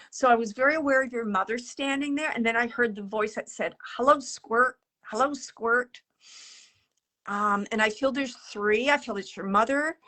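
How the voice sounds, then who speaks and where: A woman giving live mediumship readings to an audience, speaking gently and haltingly, often dropping to a whisper. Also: a little high. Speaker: psychic medium.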